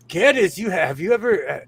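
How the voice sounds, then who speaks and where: A man's voice: high-pitched, big pitch swings, moderate pace, slightly rough. A man from California hosting a sewing livestream, chatting casually, laughing often and reading the chat aloud.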